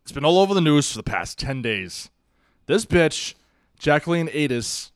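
A man co-hosting a casual sports podcast, joking loudly and ranting. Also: a little high, big pitch swings, moderate pace, smooth, no room sound, clean studio sound. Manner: loud, joking, sing-song rants. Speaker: podcast co-host.

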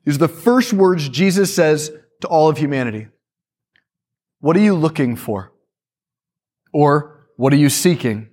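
Lively storytelling priest, man. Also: fairly high pitch, measured pace, long pauses. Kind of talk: talk to a church audience.

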